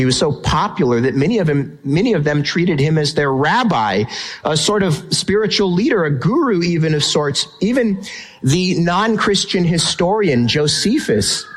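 A male pastor preaching a sermon in an emphatic way, slowing down to stress key phrases. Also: fairly high pitch, expressive, poor audio. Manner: emphatic, builds tension, slows down for key phrases.

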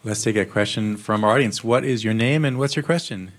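A man's voice: fairly low pitch, a little fast. A man acting as the interviewer and moderator onstage, asking careful, probing questions.

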